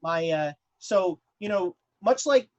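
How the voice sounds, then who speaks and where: A man running a tabletop horror game as game master, talking in a relaxed, halting way full of fillers. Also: sits high, dull audio.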